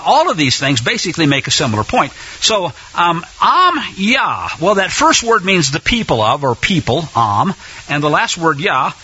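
A man's voice: a little high, sharp tone, a little hiss or hum. A man hosting a religious radio talk show, rambling with enthusiasm and many fillers and restarts. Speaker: radio host. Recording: dull lo-fi radio sound.

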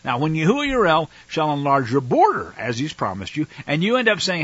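A male Bible teacher reads passages aloud and breaks in with emphatic, fiery commentary. His husky voice swings widely in pitch. The sound is dry and a little dull, like a lo-fi recording. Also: wildly swooping pitch, brisk, few pauses, a bit bright, dry recording. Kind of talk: scripture reading with commentary.

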